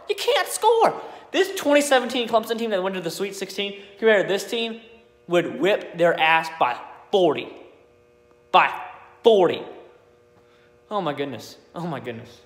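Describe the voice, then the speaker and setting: A man ranting bluntly about his teams in a sports vlog, talking in an exasperated, animated way with frequent fillers. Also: high voice. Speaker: sports vlogger. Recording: echoey room with long reverb.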